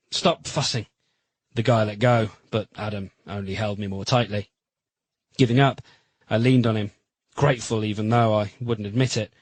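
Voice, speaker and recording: A man reading a romance novel aloud in first person, steady and measured. His voice is slightly husky and the recording is dry and close. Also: lowish voice, no room sound, rough recording. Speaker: audiobook narrator.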